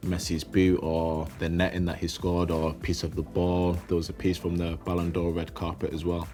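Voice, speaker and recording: A young man with a low, flat voice answers questions in an easygoing, halting way, often repeating words as he finds them. Soft music plays underneath. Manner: relaxed, repeats words as he thinks, laughs easily. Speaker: professional footballer and card collector. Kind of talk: casual interview chat.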